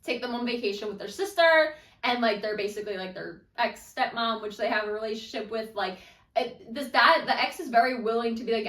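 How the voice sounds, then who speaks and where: A woman's voice: a little high, a little fast, a bit bright, roomy sound, far from the mic. A woman hosting a casual commentary on online stories, chatty and frank, talking straight to her viewers. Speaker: host.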